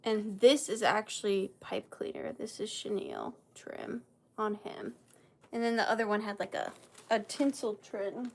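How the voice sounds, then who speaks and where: Her mid-range voice is very animated yet unhurried, creaky and somewhat dark in tone. She's a chatty, bubbly Southern US woman hosting a live vintage sale and thanking viewers by name while casually selling. The room noise is faint.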